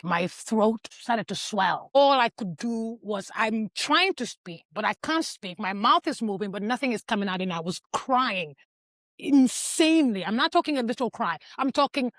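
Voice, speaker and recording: Animated woman storyteller, slightly high voice. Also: normal speed, no echo. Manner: animated storyteller who acts out scenes. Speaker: podcast guest. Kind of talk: casual podcast chat.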